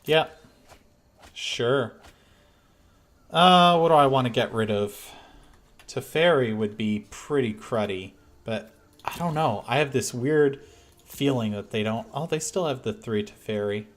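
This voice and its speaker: A man of middle pitch commentates his own card game at an unhurried pace. He mutters through his plays and turns loud and exasperated when a move goes wrong. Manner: reactive, swings between muttering and frustrated outbursts. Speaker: gameplay commentator. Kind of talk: thinking aloud over a card game.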